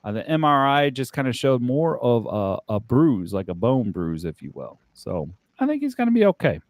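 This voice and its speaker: A man's voice: medium pitch, sing-song, moderate pace, no echo. A man co-hosting a casual comedic podcast, joking and profane as he plays the show's injury doctor. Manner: joking, profane, switches into bits.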